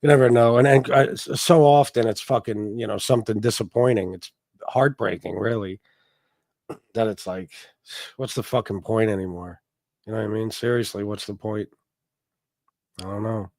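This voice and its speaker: A man's voice: fairly low pitch, steady tone, moderate pace, long pauses, darkish tone, dry recording, clean studio sound. A man hosting a casual livestream, rambling and swearing in a mock-heartbroken way while greeting chat members. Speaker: livestream host. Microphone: desk microphone.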